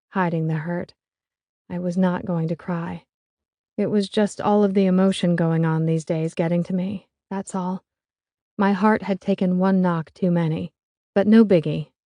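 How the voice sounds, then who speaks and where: A woman's voice: fairly low pitch, steady tone, measured pace, mellow, dry recording. A woman narrating a first-person romance audiobook in a wry, confiding way.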